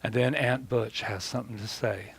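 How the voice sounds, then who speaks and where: A man's voice: medium pitch, fairly even intonation, moderate pace, vocal fry, breathy edge, no room sound. Rambling male preacher with a dry sound. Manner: rambling, with many restarts and repeated words. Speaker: pastor. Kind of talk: sermon.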